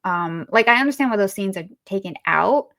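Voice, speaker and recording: A woman's voice: mid-range voice, lively intonation, a little fast, creaky, fairly bright tone. A woman co-hosting a podcast, chatting casually about a movie, rambling with fillers and restarts. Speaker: podcast co-host.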